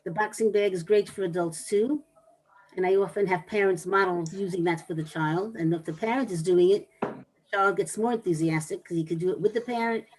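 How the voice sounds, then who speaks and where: Woman lecturing at a measured pace. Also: lowish voice, darkish tone, low-quality recording. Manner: measured, explanatory, with pauses and restarts. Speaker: lecturer on anger management. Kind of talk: talk to an audience.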